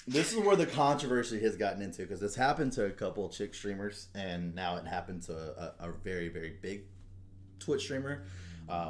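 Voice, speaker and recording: Young guy hosting a podcast, lowish voice, cusses a ton, gets fired up and blunt. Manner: blunt, heavy swearing, fired-up rants. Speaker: podcast host. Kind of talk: casual podcast chat.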